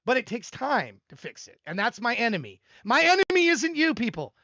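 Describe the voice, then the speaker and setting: A man's voice: very high voice, huge pitch swings, fairly quick, sharp tone, no echo, highs cut off. An older man hosting a live stream, rambling and self-deprecating, laughing often as he talks to his chat. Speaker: livestream host reviewing music submissions. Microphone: desk microphone.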